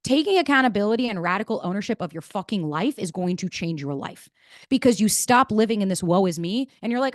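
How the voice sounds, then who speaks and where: Woman, thirties, podcast host, blunt and animated, swears freely, dry close sound. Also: mid-range voice, quick pace, no echo. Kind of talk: motivational talk.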